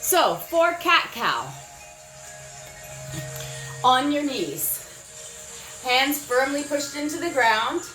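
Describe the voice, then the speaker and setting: A woman leading a children's yoga class, giving gentle, encouraging instructions with frequent praise. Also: high voice, very animated, drawn-out words, long pauses, roomy sound, soft background music. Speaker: kids yoga teacher. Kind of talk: guided children's yoga lesson.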